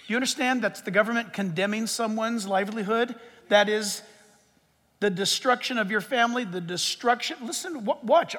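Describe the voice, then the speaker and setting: A man's voice: high voice, a bit bright. A man preaching a sermon from a stage, fervent and emphatic, repeating phrases for stress. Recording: long reverb of a big hall.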